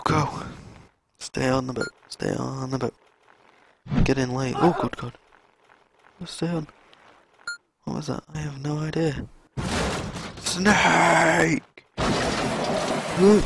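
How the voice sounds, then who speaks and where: A young man commentating his own gameplay in a slow, unhurried drawl, his voice sitting a little high and turning gravelly with vocal fry. He yelps and curses at every trap the game throws at him, with a faint hiss underneath. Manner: excitable, exclaiming and cursing at the game. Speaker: game streamer.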